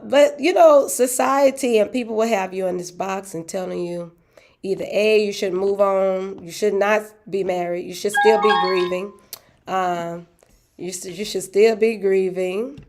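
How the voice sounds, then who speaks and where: A woman hosting a casual church livestream Bible study chat, animated and given to sudden whoops. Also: medium pitch, moderate pace.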